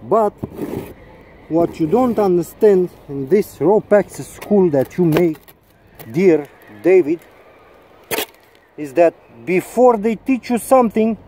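A man's voice: high-pitched, lively intonation, slow, pauses often, dark tone, slight background noise. A man, an English speaker ranting in a mocking, sarcastic vlog and swearing often. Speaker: vlogger.

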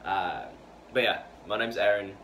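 A man's voice: fairly low pitch, a little slow, sharp tone. A teenage boy talking about himself in an unscripted personal vlog, hesitant, with many fillers and restarts. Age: teens. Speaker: fan channel member. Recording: noisy home recording.

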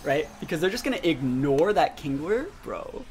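A young man commentating his own gameplay live, talking to his chat with sudden loud outbursts. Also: a little high, very animated, normal speed. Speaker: gaming streamer. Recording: faint music behind voice.

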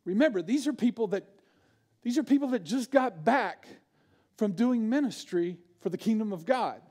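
A male pastor preaching a sermon, swinging from loud bursts to hushed, low asides. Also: expressive, moderate pace.

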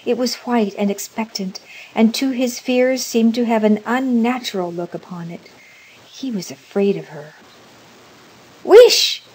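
A woman narrating a scripted story in a measured, deliberate way. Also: fairly high pitch, mellow, breathy edge, low-quality recording.

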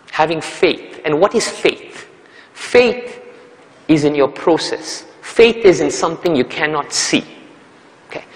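A man, a performance coach, giving a motivational talk, telling stories and acting out the characters' lines, often asking "okay?" and "right?". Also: fairly high pitch. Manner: animated storyteller, acts out characters' lines; repeats words for emphasis, asks "okay?" and "right?". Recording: hall reverb.

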